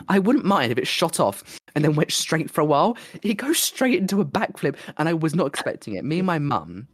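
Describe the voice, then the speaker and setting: A slightly hoarse man co-hosting a podcast, telling rambling, excitable stories in casual chat. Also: on the high side, fast, few pauses, no room sound, studio quality. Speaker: podcast co-host.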